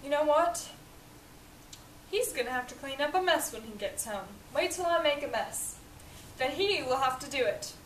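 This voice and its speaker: A woman's voice: sits high, expressive, moderate pace, fairly bright tone. A woman playing a spoiled, petulant young boy earl in a fan cosplay skit, with a whiny, ranting manner. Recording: echoey room, voice from a distance, faint hiss.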